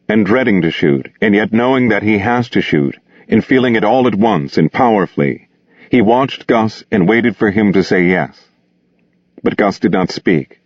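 A man narrating a novel aloud in a steady, measured, grave manner. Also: fairly low pitch, dry recording. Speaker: audiobook reader. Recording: dull, dry close recording.

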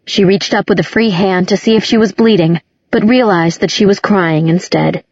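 A woman reading a dark fantasy novel aloud as scripted storybook narration, in a measured, dramatic way. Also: mid-range voice, no room sound. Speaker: audiobook narrator. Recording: dull lo-fi audiobook recording.

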